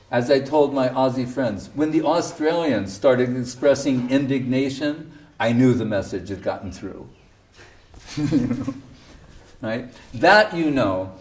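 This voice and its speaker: A male spiritual teacher, seated, giving a devotional sermon with provocative, animated storytelling and frequent laughter. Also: medium pitch, distant mic. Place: indoor temple hall, seated.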